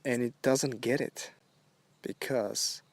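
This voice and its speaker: Very slow creaky-voiced man musing. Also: mid-range voice, steady tone, dry recording. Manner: rambling, halting, drawn-out phrasing. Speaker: podcast host. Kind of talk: solo philosophical monologue.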